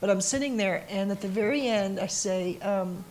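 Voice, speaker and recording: A woman's voice: mid-range voice, fairly quick, hardly any pauses, slight background noise. A middle-aged woman, a singer telling stories emphatically on a conference panel, acting out quotes. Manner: emphatic, animated storyteller who acts out quotes. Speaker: interviewee, singer. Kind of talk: candid conversation on a panel. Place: conference stage before an audience.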